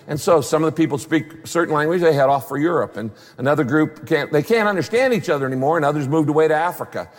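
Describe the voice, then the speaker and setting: A pastor preaching a sermon, emphatic and repeating key phrases, sometimes acting out the voices of people in the story. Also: male voice, a little high. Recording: long reverb of a large hall.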